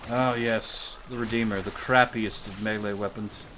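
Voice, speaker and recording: A man's voice: on the low side, steady tone, normal speed, noisy background. A man live streaming a game, rambling and joking to himself and his viewers in casual chatter. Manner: rambling, joking, self-mocking.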